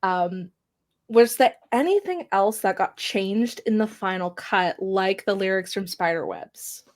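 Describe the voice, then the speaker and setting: A woman co-hosting a podcast, talking excitedly about a book she loves in casual chat. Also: medium pitch, measured pace. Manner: excitable, gushing fan. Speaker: podcast co-host.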